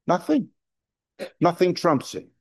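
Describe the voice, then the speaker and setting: A middle-aged man preaching a sermon, talking conversationally with fillers and restarts, building to loud emphatic points. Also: sits high, big pitch swings, takes it slowly. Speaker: pastor.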